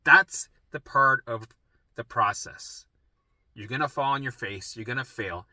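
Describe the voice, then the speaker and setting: Blunt, bright-voiced man who swears freely. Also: mid-range voice, a little slow, dry recording. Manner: blunt, swearing, acts out panicked thoughts; keeps asking "right?". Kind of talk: direct-to-camera talk.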